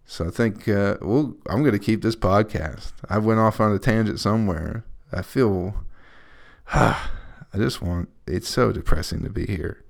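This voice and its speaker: A man's voice: fairly low pitch, measured pace, gravelly. A young man, a comedian, talking through a casual, profane, scattered podcast monologue with a wry edge.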